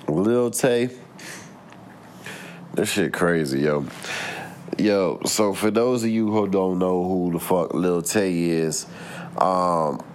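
A man's voice: sits low, a little mellow, slight background noise. A man in a casual vlog, ranting with plenty of swearing and rambling asides while laughing at himself. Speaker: vlogger. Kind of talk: casual profane rant.

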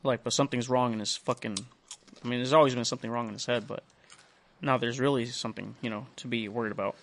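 A young man tells a long story on a casual podcast. He swears freely, drifts off on side tracks, and acts out each person's lines in quotes. His voice sits at an average pitch for a man. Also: steady tone, quick pace, vocal fry, fairly bright tone. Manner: rambling, profane, retells dialogue in quotes. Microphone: studio mic.

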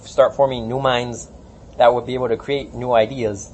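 A man's voice: medium pitch, little pitch movement, moderate pace, a little hiss or hum, low-quality recording. A man in casual conversation, skeptical and easygoing. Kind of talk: casual chat.

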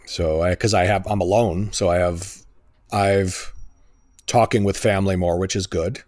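A man co-hosting a podcast, chatting casually in a low-key way with short replies. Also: fairly even intonation, normal speed, a little mellow, dry recording. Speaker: podcast co-host. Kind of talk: casual chat.

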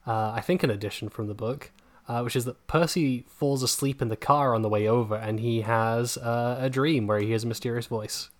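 A man's voice: medium pitch, fairly even intonation, fairly quick. A man co-hosting a podcast in casual chat, rambling with restarts, laughing often and swearing freely. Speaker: podcast co-host.

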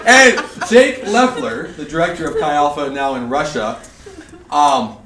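A man in his thirties speaking to a group, telling an animated story and laughing through it. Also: a little high, a little slow, recorded from a distance. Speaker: conference speaker. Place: large indoor hall at a retreat facility. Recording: echoey hall, faint room noise.

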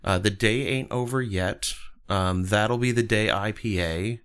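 Lowish-voiced guy on a podcast, chatty, reads stuff out, quick side comments. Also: fairly bright tone, clear, resonant tone. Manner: chatty, quick asides, reads lists aloud. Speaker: podcast co-host. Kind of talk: casual chat.

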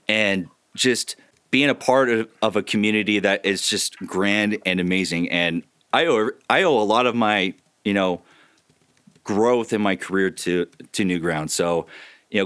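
Smooth-voiced man in casual podcast chat. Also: lowish voice, moderate pace, no echo, studio quality. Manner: animated, swears freely, breaks into impressions. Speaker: podcast co-host and voice actor.

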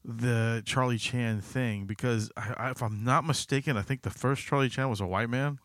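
A male podcast host talks casually, wandering and hesitating, with plenty of filler words and swearing. He speaks at a moderate pace in a medium pitch, his intonation fairly even and his tone fairly bright. The recording is dry and studio-clean.

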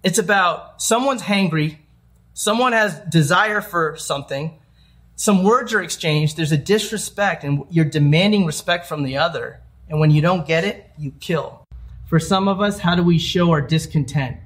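A young adult man preaching a sermon in a conversational way, with quick asides and acted-out everyday quotes. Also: on the high side, fairly bright tone. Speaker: pastor.

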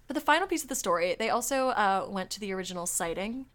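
A woman hosting a casual podcast, chatting quickly with plenty of "like" fillers and reading articles aloud. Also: mid-range voice, lively intonation, a bit bright. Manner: chatty, fast, full of "like" fillers and laughs. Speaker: podcast host.

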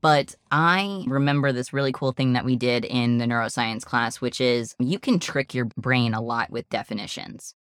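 A podcast co-host chatting casually who likes to explain things with a nerdy, textbook flair. The voice sits at a middling pitch. The sound is dry and close, with no room around it. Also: moderate pace, few pauses, a bit bright, clean tone, no room sound.

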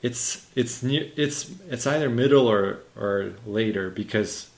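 A man with a fairly low voice talks casually about films. He speaks haltingly and repeats words as he retells scenes. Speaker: conversation partner.

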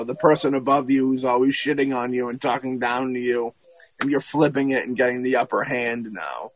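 A man in casual podcast chat, retelling a film plot in a rambling, profane and animated way, with many restarts. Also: mid-range voice, low-quality recording.

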